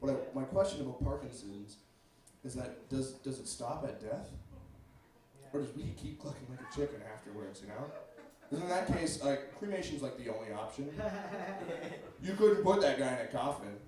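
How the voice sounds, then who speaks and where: A man's voice: mid-range voice, animated, moderate pace. A young man performing a stand-up comedy set in a club, brash and profane, talking straight to the crowd. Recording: echoey club, mic far off.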